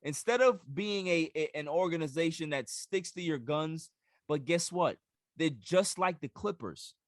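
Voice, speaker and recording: A man hosting a sports podcast in casual talk, emphatic and animated, often repeating words as he builds a point. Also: a little high, unhurried, no echo, clean studio sound. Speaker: podcast host.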